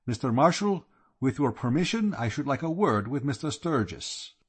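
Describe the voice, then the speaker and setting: A man's voice: medium pitch, big pitch swings, moderate pace, slightly rough, pitched above the performer's own voice. A man voicing a stiff, formal male German count with a German accent, speaking in a courtly, ceremonious way.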